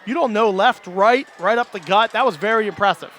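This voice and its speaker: High-voiced, excitable football color commentator. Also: male voice, a little fast, a faint crowd. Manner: enthusiastic, explains formations, chuckles easily. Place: outdoor high school football stadium.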